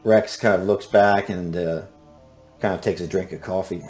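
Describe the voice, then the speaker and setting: A man's voice: low-pitched, fairly even intonation, moderate pace, a little mellow, soft background music. A man narrating casually as the game master of a tabletop game.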